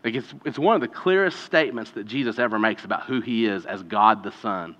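Bright-voiced pastor preaching in a reverberant hall. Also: male voice, on the low side, fairly quick. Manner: conversational, builds to emphatic peaks. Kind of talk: sermon. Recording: dull lo-fi sound with long hall reverb.

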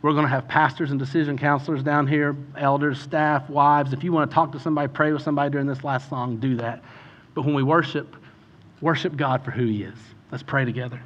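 A man preaching a sermon as pastor, building to passionate shouts and easing into a quiet prayer. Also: medium pitch, fairly even intonation, fairly quick, muffled recording. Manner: impassioned, builds to shouting then softens into prayer.

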